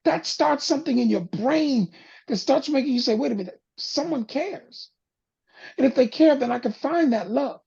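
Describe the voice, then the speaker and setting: A man hosting a panel talk, speaking with an impassioned, preacher-like cadence that drops low and soft for emphasis. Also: expressive, normal speed, creaky, highs cut off. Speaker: panel host. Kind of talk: impassioned talk-show monologue.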